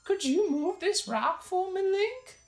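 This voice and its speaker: A woman doing a timid, high-voiced old nurse. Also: lively intonation, takes it slowly, roomy sound, faint music behind, exaggerated voice, rough recording.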